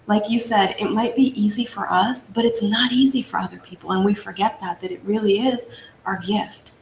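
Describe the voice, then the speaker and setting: A woman's voice: mid-range voice, fairly even intonation, moderate pace, gravelly, reverberant, slight background noise, rough recording. A woman hosting a casual interview, reflecting on her own experience as she talks. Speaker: host.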